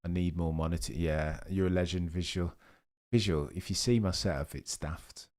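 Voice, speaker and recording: A young man with a lowish voice hosts a live race watchalong. He chats casually, reads out viewers' messages and answers them one after another. His talk is loose, with restarts and asides. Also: moderate pace, darkish tone. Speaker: livestream host.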